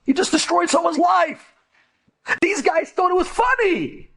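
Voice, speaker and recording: A man, a rabbi, giving an inspirational storytelling lecture to women, dramatic and prone to loud, emphatic bursts. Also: very high voice, expressive, unhurried, gravelly.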